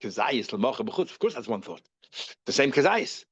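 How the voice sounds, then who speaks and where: A man teaching a Talmud lesson, reasoning aloud in a lively way and repeating terms as he works through the logic. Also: medium pitch, fairly quick, breathy edge, no echo, highs cut off.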